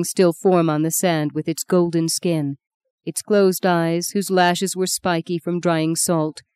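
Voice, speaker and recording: A woman narrating a novel in a measured, solemn storytelling manner. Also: fairly low pitch, darkish tone, clear, resonant tone, no room sound, clean studio sound. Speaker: audiobook narrator. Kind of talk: scripted literary narration.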